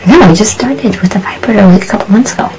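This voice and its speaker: A woman's voice: mid-range voice, quick pace, very noisy. A young woman on a reality show, chatting casually and rambling with lots of "like", often dropping into a whisper. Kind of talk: casual chat. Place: shared house indoors.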